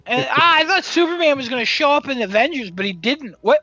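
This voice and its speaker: A man's voice: extremely high pitch, lively intonation, fast, few pauses, sharp tone, faint music behind. A young man hosting a podcast, chatting casually and telling rambling, profane, jokey stories. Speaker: podcast host. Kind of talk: casual chat.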